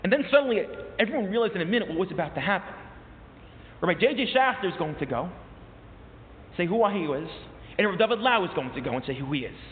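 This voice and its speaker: A high-voiced man delivering an impassioned sermon, his voice climbing on questions he repeats again and again. The sound is tinny and thin, like a phone line, and it rings with a long reverb from a large hall. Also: animated, quick pace, slight background noise. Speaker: rabbi. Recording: tinny, echoey hall recording.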